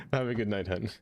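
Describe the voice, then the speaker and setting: A man live-streams a city builder with faint music behind, chatting easily with viewers, often laughing, and talking to himself as he builds. His voice is medium-pitched and a little mellow.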